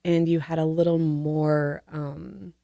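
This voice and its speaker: Gravelly low-voiced woman, thoughtful. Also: flat delivery, warm tone, no echo. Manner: thoughtful, measured, analytical. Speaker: guest podcast panelist. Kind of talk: casual book discussion.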